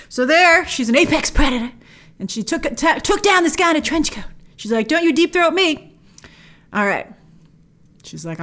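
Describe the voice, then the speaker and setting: A woman's voice: on the high side, a bit bright. A woman hosting a movie trailer breakdown, talking with wry, joking asides. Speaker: movie trailer reviewer host.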